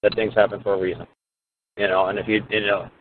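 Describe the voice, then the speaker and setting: A man's voice: lowish voice, little pitch movement, fast, a little hiss or hum. A man telling a courtroom story in a casual, profane, emphatic monologue, sometimes raising his voice to mimic others. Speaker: radio talk host. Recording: tinny phone-line audio.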